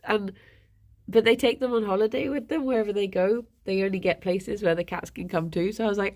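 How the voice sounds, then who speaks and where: A woman, livestreaming and chatting casually with viewers, rambling and laughing often. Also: medium pitch.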